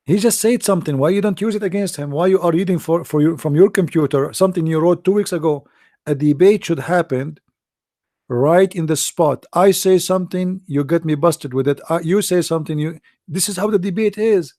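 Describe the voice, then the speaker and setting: A man, a bit hoarse, talking in a casual commentary monologue with lots of fillers and restarts. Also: fairly high pitch, a little fast, no echo, studio quality. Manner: animated, repetitive, many fillers and restarts. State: losing his voice, hoarse. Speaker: debate show host.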